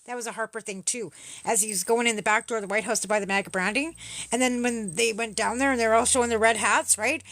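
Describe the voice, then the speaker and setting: A woman's voice: on the high side, fairly even intonation, fast, fairly bright tone, dry recording. A woman hosting a livestream, arguing with commenters in a combative, profane, mocking manner. She is from Canada. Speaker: livestream host. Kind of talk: livestream chat replying to comments.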